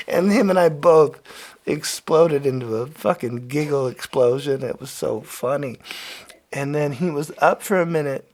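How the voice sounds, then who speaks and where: Podcast guy with a gravelly voice, casually telling a story, swears a lot, laughs along. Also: a little high, a little slow. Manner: animated, laughing, swearing freely. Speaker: podcast host.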